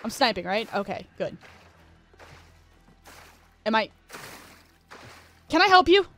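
A young woman streaming a shooter game, chatting casually, laughing and talking back to the game with sudden excited yelps. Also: on the high side, takes it slowly, soft background music. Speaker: streamer playing a shooter campaign. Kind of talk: casual let's-play commentary.

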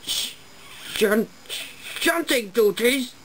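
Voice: medium pitch, moderate pace, a bit bright, slight background noise, pitched above the performer's own voice, lightly acted, poor audio. A young narrator voicing a pompous male express steam engine who looks down on others and squawks when upset. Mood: alarmed. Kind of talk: amateur storybook voice acting.

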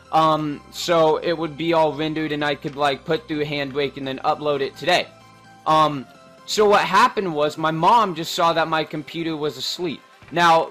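A man's voice: a little high, a bit bright. A teenage boy casually talking over his gameplay, rambling with lots of fillers and restarts. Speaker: gaming channel host. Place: bedroom at home.

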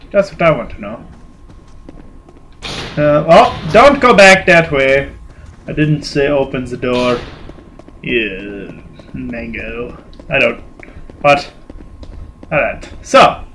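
A young man commenting on a video game he is playing, swearing and yelling at it in an irritable mood. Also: mid-range voice, slight background noise. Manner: excitable, swearing, shouting at the game. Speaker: gaming channel host. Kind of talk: casual let's-play commentary.

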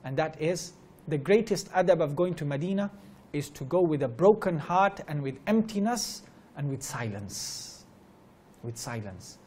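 A man's voice: on the high side, normal speed, dark tone. A man teaching at a religious gathering, telling stories earnestly, repeating key phrases, and reciting Arabic verses fluently in a religious lecture. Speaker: Islamic teacher giving a talk.

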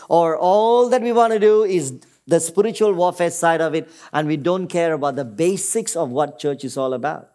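A man's voice: sits high, animated, normal speed, hardly any pauses, darkish tone. A middle-aged man from Singapore, preaching a sermon to his congregation. He keeps calling out "Amen?" and drops into short quoted voices as he teaches. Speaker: pastor.

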